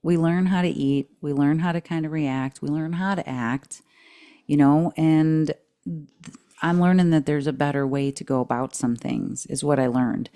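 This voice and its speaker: Low, gravelly-voiced woman podcast host. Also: normal speed. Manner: animated, emphatic, laughs often. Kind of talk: casual podcast chat.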